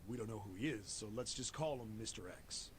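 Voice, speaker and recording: An actor voices a practical, blunt companion in a video game. He sets out the facts in a plain, mid-range voice. A faint rumble sits under the line. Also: brisk, natural voice. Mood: matter-of-fact. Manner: matter-of-fact, explaining.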